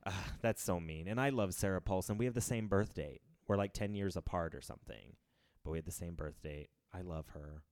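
Man, 30s, very low voice, rambling casual talk, laughs a lot. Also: a little fast, darkish tone, no echo, studio quality. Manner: rambling, laughs often, trails off into fillers. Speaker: podcast co-host. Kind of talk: casual chat.

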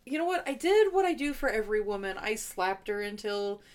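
A woman's voice: mid-range voice, big pitch swings, fairly quick, darkish tone. A woman co-hosting a podcast, chatting about a movie with sarcastic jokes. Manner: sarcastic, joking. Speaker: podcast co-host. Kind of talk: casual movie recap chat.

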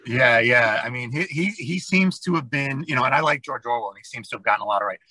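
A man with a husky, bright-edged voice rants through a casual podcast chat, full of opinions. The sound is dry and close, with no room around it. He stumbles into restarts and then pushes hard on his points. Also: mid-range voice, fast, dry recording, low-quality recording. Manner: opinionated and ranting, with many fillers and restarts.

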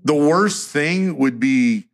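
A man's voice: fairly high pitch, slow pace, gravelly. A man telling stories in a casual podcast chat, swearing freely and acting out what people said. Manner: profane, animated storyteller acting out quotes.

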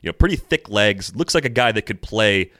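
This is a man hosting a podcast in casual chat. His voice sits low, and the sound is close and dry. He keeps things upbeat and moves the talk along. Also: animated, brisk, fairly bright tone, dry recording. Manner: upbeat, conversational, steers the talk. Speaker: podcast host.

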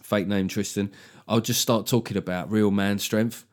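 A man's voice: fairly low pitch, fairly even intonation, moderate pace. A middle-aged man hosting his own solo podcast, chatting casually and comically, swearing freely and slipping into voices for a joke. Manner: sweary, jokey, throws in voices for effect. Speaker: podcast host.

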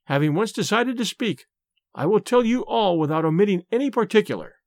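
A distressed older landlady pleads in formal, old-fashioned phrases, as a male reader puts her on. The delivery sits high and swings widely in pitch. The recording is dry and close. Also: lively intonation, brisk, darkish tone, no room sound. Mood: anxious. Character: grieving, agitated older mother, a landlady.

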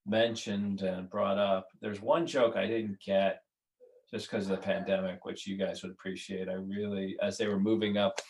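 A man's voice: low-pitched, little pitch movement, moderate pace, a little mellow, low-quality recording. A man who is the guest writer and creator, chatting casually in a podcast interview, often restarting his sentences and laughing.

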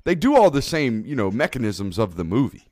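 A man hosting a podcast in casual chat, animated and profane with lots of hype. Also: medium pitch, a little fast, no room sound, clean studio sound. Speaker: podcast host.

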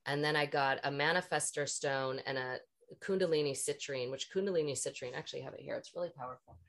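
A woman's voice: deep voice, quick pace, fairly bright tone. A woman, an energy healer and podcast guest, telling a long personal story in a frank, rambling way and swearing freely.

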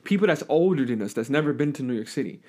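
A man's voice: medium pitch, animated, fast talker, dark tone. A young man co-hosting a casual podcast. He tells stories in a laid-back way and needles his friend with playful teasing. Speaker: podcast co-host. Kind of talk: casual chat.

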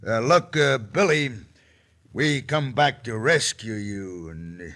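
A slow, drawling outlaw. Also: male voice, mid-range voice, expressive, creaky, a bit bright, full character voice. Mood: sly. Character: dim sly male outlaw sidekick. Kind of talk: 1940s radio acting.

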